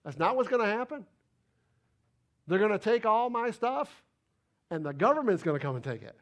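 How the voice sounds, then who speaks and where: A man preaching a sermon, animated and emphatic, repeating words for stress. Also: sits high, moderate pace. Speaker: pastor.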